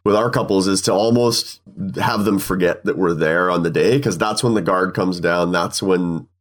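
A man's voice: deep voice, moderate pace. A man, a photographer, agreeing and explaining his approach in long, looping sentences in a casual talk. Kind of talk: casual podcast conversation.

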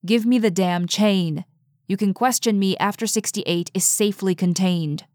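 A woman reading aloud, voicing an impatient, gruff man who speaks in a curt, scornful, demanding way. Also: mid-range voice, normal speed, a little mellow, no echo, studio quality, lightly acted.

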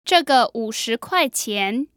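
Female co-host with a Mandarin accent, higher voice, very slow deliberate delivery. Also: lively intonation, a bit bright, no room sound, studio quality. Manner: slow, careful, exaggerated tones. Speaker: language lesson co-host. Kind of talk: pronunciation modeling.

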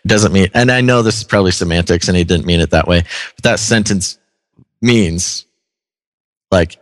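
A man co-hosting a casual faith discussion podcast, jokey and quick to slip into silly voices. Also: deep voice, no room sound. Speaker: podcast co-host.

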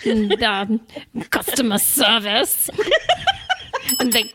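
A woman's voice: fairly high pitch, fairly even intonation, takes it slowly, noisy background. A woman co-hosting a podcast in casual chat, laughing often and restarting her sentences. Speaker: podcast co-host.

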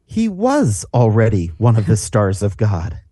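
A man's voice: fairly low pitch, huge pitch swings, a little slow, mellow, no echo, studio quality. A man reading scripture aloud in a solemn, declaiming way and adding short commentary. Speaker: scripture reader.

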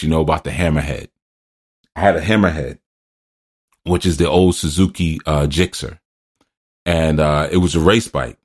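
A man hosting a spiritual teaching podcast, drifting into loose personal stories and laughing at himself. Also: deep voice.

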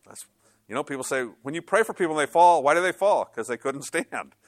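A man preaching a sermon in a relaxed, conversational tone that turns emphatic on key points. His voice sits a little high for a man, and he keeps asking the congregation rhetorical questions. The sound is close and dry. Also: a little fast, no room sound. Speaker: pastor.

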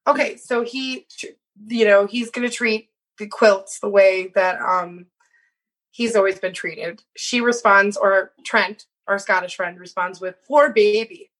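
A woman's voice: medium pitch, a little slow, a bit bright, rough recording. A woman in her thirties, co-hosting a casual chat, retelling a story about messages with lots of laughter and fillers. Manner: giggly, reads messages aloud with frequent fillers.

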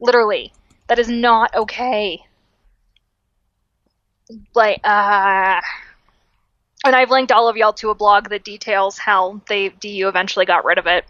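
A woman's voice: mid-range voice, a little slow, long pauses, no echo, dull audio. A young adult woman co-hosting a podcast, explaining history in casual talk with frequent fillers and restarts. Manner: lively, self-correcting, frequent fillers and restarts. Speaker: podcast co-host.

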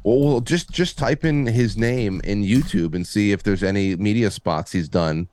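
A man co-hosting a podcast in casual chat, reading articles aloud with halting restarts. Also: fairly low pitch, darkish tone. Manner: halting, repeats words, reads articles aloud. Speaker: podcast co-host.

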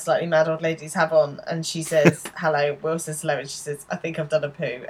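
Woman in her 30s recapping a show, lowish voice, acts out the lines. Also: poor audio. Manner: narrates scenes, quotes lines in lively put-on voices. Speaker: podcast co-host. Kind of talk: casual recap chat.

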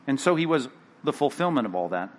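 A middle-aged man, a pastor, preaching an animated, conversational sermon with acted asides. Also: mid-range voice, fast talker.

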